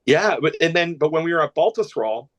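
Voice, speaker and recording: This podcast guest, a Canadian man, speaks fairly fast in a higher voice with lively intonation. His casual anecdotes ramble, punctuated by many restarts and laughs.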